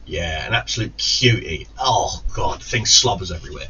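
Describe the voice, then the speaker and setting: A man's voice: low-pitched, expressive, normal speed, pushed and bright. A man telling a long angry story, swearing constantly, stumbling and restarting, putting on raised voices for the people he quotes. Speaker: gaming YouTuber. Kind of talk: storytelling rant. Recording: distant muffled mic with faint hiss.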